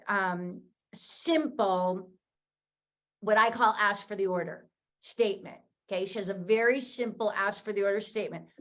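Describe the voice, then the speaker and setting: A woman's voice: on the high side, a bit bright. Upbeat woman coaching a sales call. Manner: upbeat, encouraging, speaks to the audience directly. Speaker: host of a sales training call. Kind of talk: energetic coaching recap.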